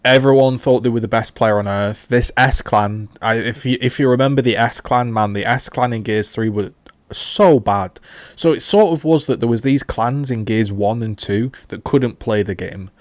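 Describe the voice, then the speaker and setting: A man's voice: medium pitch, normal speed, dry recording. A man, a gaming YouTuber casually rambling through a retrospective with many fillers and restarts.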